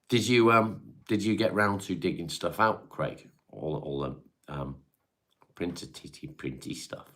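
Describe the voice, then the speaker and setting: Low-voiced laid-back man chatting on stream. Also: expressive, normal speed, a bit bright. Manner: laid-back, swears casually, reads and answers viewer comments. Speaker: live-stream host reading chat. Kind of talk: casual live-stream chat.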